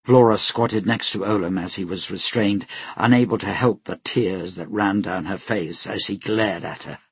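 A man narrating an audiobook in a steady, measured storytelling voice. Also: low-pitched, husky, no echo. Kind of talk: scripted narration.

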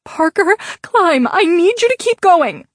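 A woman narrator voicing a frantic young woman who shouts urgent commands to get her brother out of a fire. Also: very high-pitched, big pitch swings, unhurried, no echo, studio quality, voice pushed up, full character voice. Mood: commanding.

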